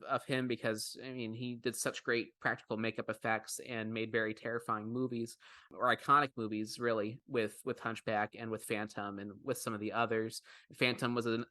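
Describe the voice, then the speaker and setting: This podcast co-host chats casually, rambling with enthusiasm and restarting his sentences again and again. He has a mid-range, sharp-toned male voice, recorded dry.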